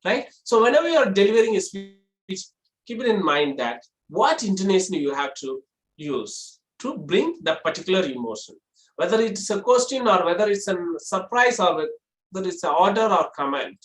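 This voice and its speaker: A college lecturer giving a lecture on voice modulation, explaining step by step and demonstrating with exaggerated pitch shifts. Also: very animated, moderate pace. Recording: roomy echo.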